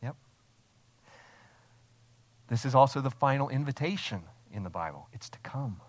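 A male pastor preaches to his church, leaning on emphatic phrasing and rhetorical questions. His voice sits at an ordinary middle pitch. The sound is close and dry, with no room echo. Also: animated, moderate pace. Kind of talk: expository sermon. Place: church, streamed online.

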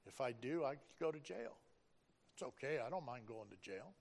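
Gravelly man, earnest, preacherly, middle-aged, testimony. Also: medium pitch, animated, normal speed. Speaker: school bus driver. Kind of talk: personal testimony.

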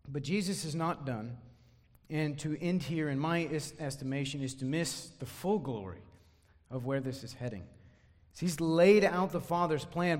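Emphatic preacher in a reverberant hall. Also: male voice, a little high, darkish tone. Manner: emphatic, repeats words when stressing a point. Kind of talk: expository sermon.

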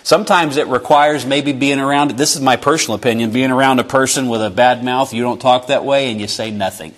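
A man's voice: mid-range voice, a little fast, a bit bright. A man preaching a sermon in an earnest, conversational way, sometimes acting out short exchanges.

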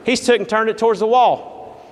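A pastor preaches in a high, bright voice, acting out the story with drama and emphasis. His voice rings with the long echo of a large hall. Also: fairly quick. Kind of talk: sermon. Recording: echoey hall.

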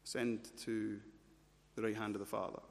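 A man preaching a sermon, emphatic, swinging between loud urgency and low intensity and repeating words as he builds a point. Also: little pitch movement, moderate pace, breathy edge. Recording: long church-hall reverb.

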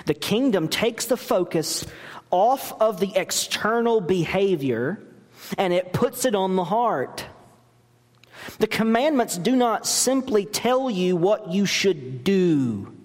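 A pastor delivers a sermon in a slow, deliberate cadence, his pitch rising and falling with lively animation. He preaches emphatically, leaning on rhetorical questions. His voice carries a long reverb from a large church hall.

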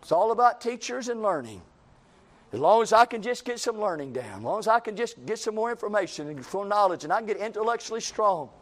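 A man's voice: high voice, sing-song, quick pace. A man preaching a sermon in a folksy, emphatic way, repeating phrases and quoting imagined critics.

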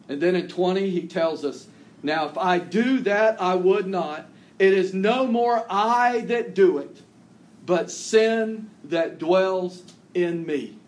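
Slow, high-voiced male preacher. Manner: earnest preaching, drawn-out phrases that drop low and soft at the ends; reads scripture aloud with rising emphasis. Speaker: pastor. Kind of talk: sermon.

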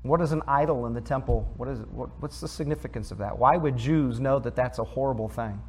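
A man preaches a teaching sermon at a middle pitch. He reads scripture aloud, then breaks it down in plain conversational talk. He often stops to put questions to the congregation. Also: a little fast, husky. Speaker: pastor.

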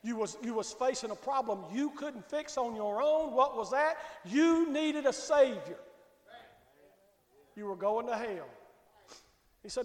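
A man's voice: very high voice, lively intonation, measured pace. A man preaching a folksy, emphatic sermon to his congregation as pastor in a church sanctuary. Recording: echoey hall with long reverb.

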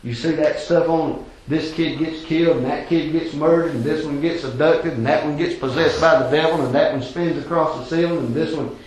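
A man's voice: fairly high pitch, fairly even intonation, fairly quick, hardly any pauses. Man, preacher, folksy, fervent, very roomy church echo. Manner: folksy, fervent, swings from quiet to hollering. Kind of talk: sermon. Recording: very echoey church room.

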